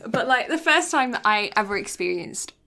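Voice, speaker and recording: A woman from England whose English accent carries a Canadian lean chats loosely on a podcast. Her voice is bright and clear, and she wanders from point to point with plenty of fillers and asides. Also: a little high, lively intonation, moderate pace. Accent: English, mixed with Canadian. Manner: chatty, rambling, lots of fillers and asides. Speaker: podcast co-host. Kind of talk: casual podcast chat.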